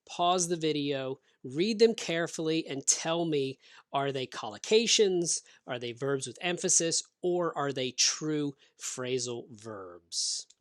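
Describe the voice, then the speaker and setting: A man teaching English grammar, explaining rules slowly and clearly with example sentences. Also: fairly high pitch, lively intonation, dry recording, clean studio sound. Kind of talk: grammar lesson.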